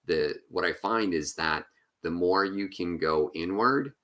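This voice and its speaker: A man speaking as a keynote speaker and author, giving a conference talk and telling stories in quick, animated bursts. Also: deep voice. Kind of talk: conference talk over video.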